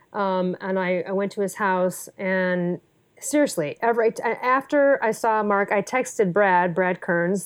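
A woman's voice: medium pitch, clear, resonant tone. A woman hosting a podcast interview, speaking in an enthusiastic, effusive way in casual chat. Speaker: podcast host.

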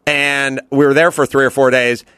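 A man hosting a podcast, chatting loosely and wandering through long stories. He slips into the voices of people he quotes. The studio mic sounds dry and close, and his pitch sits in a middle range. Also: level tone, normal speed, bright, forceful tone, clear, resonant tone, no room sound. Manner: rambling storyteller, acts out quoted voices. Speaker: podcast host. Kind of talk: casual chat.

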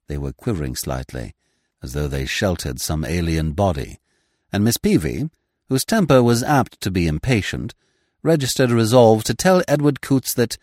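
A man reading a classic comic novel aloud in measured, expressive narration. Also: lowish voice, no echo, studio quality. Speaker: audiobook reader.

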